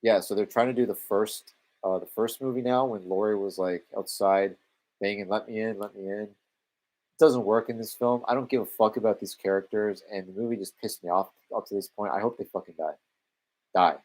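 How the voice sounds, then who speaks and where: A man's voice: lowish voice, fairly even intonation, a little fast, a little mellow. A man with a Canadian accent giving exasperated, sarcastic live commentary over a film, swearing freely. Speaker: movie commentary live-streamer.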